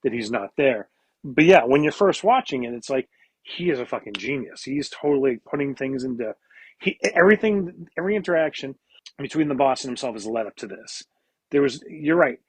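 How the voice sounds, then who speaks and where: A man's voice: mid-range voice, animated, a little fast, husky, no echo. A man who is a regular on a movie podcast, talking animatedly, swearing and restarting his sentences. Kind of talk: casual movie review chat.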